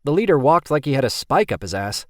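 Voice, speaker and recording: A man voicing an anxious young man who talks quickly and apologetically. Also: mid-range voice, big pitch swings, a little mellow, dry recording, clean studio sound, pitched above the performer's own voice, natural voice. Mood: lively. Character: earnest young man, anxious and eager to please.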